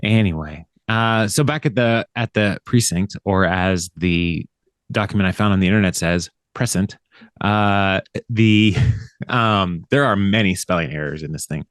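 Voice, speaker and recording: Speaking a little slowly in a low voice, a male podcast host rambles through an episode recap, laughing often and imitating the characters' lines. It's a dry recording of studio quality.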